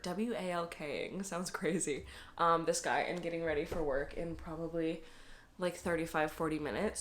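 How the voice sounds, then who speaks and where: A young woman talks through a casual reading vlog in a slightly low voice. She is teary and close to crying, but still chatty, laughing and swearing as she goes. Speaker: book vlogger.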